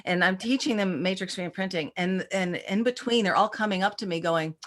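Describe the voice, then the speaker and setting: A woman practitioner and teacher in a casual interview, telling animated stories and acting out quoted voices with many restarts. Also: medium pitch, a little fast, few pauses.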